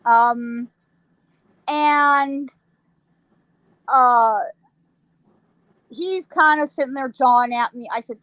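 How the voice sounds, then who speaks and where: A woman, a psychic guest, telling a ghost story in a lively way, laughing often and acting out sounds. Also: high-pitched, very slow, long pauses, no echo, rough recording.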